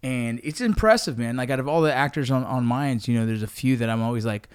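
Enthusiastic, swearing podcast host. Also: male voice, mid-range voice, fast talker, smooth. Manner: enthusiastic, profane, repeats words. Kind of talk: casual interview chat.

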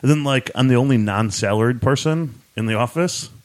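Casting: male podcast co-host, mid-pitched voice, loose rambling delivery, jokey. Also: brisk, darkish tone. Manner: joking, rambling with filler words. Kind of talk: casual banter.

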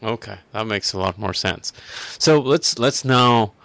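Relaxed man hosting, dry close sound. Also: fairly low pitch, vocal fry, no echo. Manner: relaxed, a little halting. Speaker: interview host. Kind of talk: casual interview questions.

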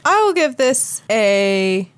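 Teasing comedian woman, bright-voiced guest. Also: on the high side, big pitch swings, clear, resonant tone, no echo. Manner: teasing, laughing, quick to object. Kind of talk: casual comedic movie podcast chat.

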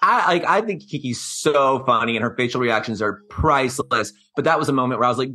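A man's voice: medium pitch, lively intonation, fast talker, few pauses, bright, forceful tone, slightly rough. A man co-hosting a podcast, chatting casually about reality TV with snarky, profane asides. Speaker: podcast co-host. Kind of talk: casual reality-TV recap chat.

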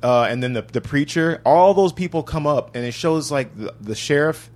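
A man casually retelling a video game's ending in animated, profane detail while co-hosting a chat podcast. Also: on the high side, moderate pace.

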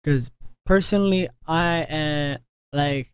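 A man's voice: on the high side, slow pace, smooth, no echo. Hesitant man, dry close sound. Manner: hesitant, filler-heavy. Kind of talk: casual podcast chat.

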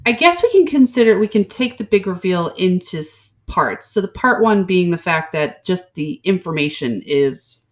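A woman's voice: on the low side, normal speed. A woman co-hosting a casual podcast chat, joking and swearing as she talks. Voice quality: animated, jokey, swears casually. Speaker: podcast co-host.

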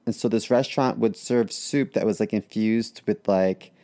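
A man's voice: on the low side, moderate pace, dark tone. A man in his thirties co-hosting a podcast in casual joking chat, rambling and laughing at his own jokes. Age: 30s. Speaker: podcast co-host.

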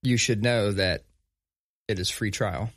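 A man co-hosting a casual podcast, talking in a relaxed, conversational way and telling stories. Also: lowish voice, measured pace. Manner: conversational, reads sponsor plug casually. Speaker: podcast co-host. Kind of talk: casual chat.

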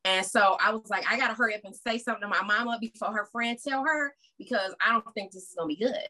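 Bright, animated woman telling a story. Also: mid-range voice, fast. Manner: animated, acts out family members' voices. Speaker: podcast guest. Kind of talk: casual storytelling.

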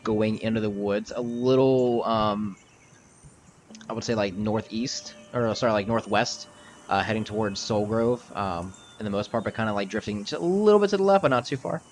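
Brief: male game master, rambling casual narration, low voice. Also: moderate pace, slight background noise. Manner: loose, filler-heavy narration. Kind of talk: narrating a tabletop game podcast.

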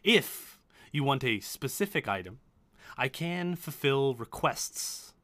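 A man voicing a shrewd, mysterious woman who brokers magic items, speaking slowly as she bargains in a tabletop game. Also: medium pitch, lively intonation, a bit bright, no room sound, voice pushed up. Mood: businesslike. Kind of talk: tabletop game role-play.

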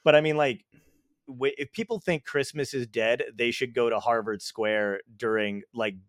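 A man's voice: mid-range voice, fairly even intonation, moderate pace, dry recording, clean studio sound. A young American man hosting a podcast, chatting casually in a rambling way with lots of filler and swearing. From United States. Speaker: podcast host. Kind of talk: casual chat.

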